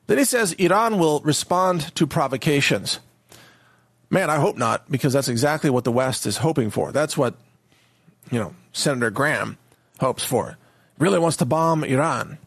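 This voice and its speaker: A man with a somewhat high, husky voice delivers an opinionated monologue on current affairs. He talks casually, with frequent restarts and a mocking edge. The sound is dry and close. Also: normal speed, no room sound. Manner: opinionated, mocking, mimics others' pronunciation. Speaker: political commentator.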